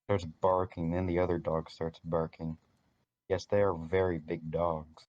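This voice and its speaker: Brief: deep-voiced male game master, casual halting narration, muffled lo-fi sound. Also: level tone, darkish tone, no room sound.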